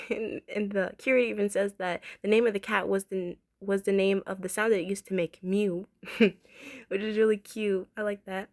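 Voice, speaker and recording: A woman in her twenties reviewing a cartoon episode in a casual, excitable way, gushing and repeating herself as she talks. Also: medium pitch, moderate pace.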